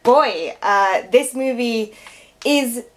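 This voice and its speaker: A woman's voice: fairly high pitch, animated, very slow. A woman hosting a film review vlog, gushing and enthusiastic as she talks.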